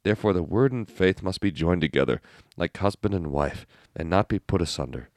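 A man reading aloud an old sermon text in a measured, earnest way. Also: low voice, lively intonation, no echo, clean studio sound. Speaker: reader.

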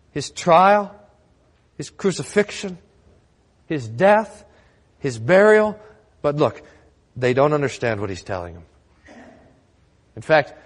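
Emphatic preaching man, reverberant hall. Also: on the high side. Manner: emphatic preaching with slow stressed phrases. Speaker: pastor. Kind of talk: sermon.

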